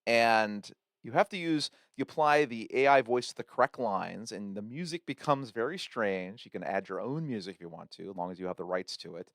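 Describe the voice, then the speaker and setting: A man hosting a podcast, walking through a software tool in a chatty, loose tutorial with many fillers and restarts. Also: fairly low pitch, lively intonation, brisk, few pauses, no echo, studio quality. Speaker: podcast host. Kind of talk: casual tutorial walkthrough.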